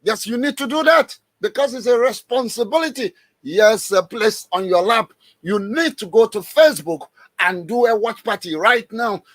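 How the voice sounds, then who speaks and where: A man with a high voice delivers a fervent radio address, hammering home repeated phrases and now and then rising to a shout. His voice sits close and dry on the microphone, with no room sound around it. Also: animated, normal speed, no echo. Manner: emphatic, repetitive and exhorting, with sudden raised outbursts. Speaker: radio broadcaster. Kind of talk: impassioned broadcast address.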